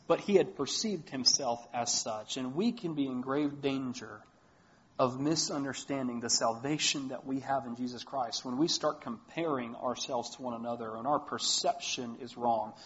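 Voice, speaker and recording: A pastor with a northern US accent preaching a sermon in an earnest, emphatic way, reading scripture aloud. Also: male voice, mid-range voice, normal speed, dull audio.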